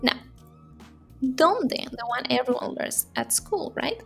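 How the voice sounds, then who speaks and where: A woman teaching Spanish in a casual video lesson, chatty and repeating phrases slowly for learners. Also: sits high, very animated, creaky, soft background music.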